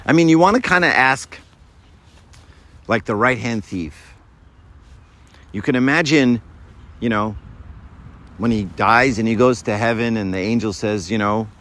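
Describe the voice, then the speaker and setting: A man giving a conversational Christian sermon, full of rhetorical questions and quick asides. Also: lowish voice, fairly bright tone. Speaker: Christian preacher.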